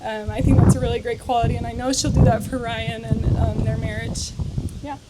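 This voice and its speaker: A woman's voice: on the high side, flat delivery, a little fast, very noisy. A woman giving an earnest, emotional toast about the bride at a wedding reception, speaking into a handheld microphone.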